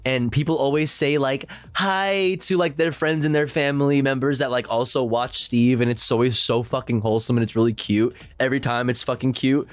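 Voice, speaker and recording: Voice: medium pitch, steady tone, fairly quick, hardly any pauses, dry recording, soft background music. A streamer reacting live from home, rambling with lots of swearing and laughter. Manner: profane, giggly, rambling.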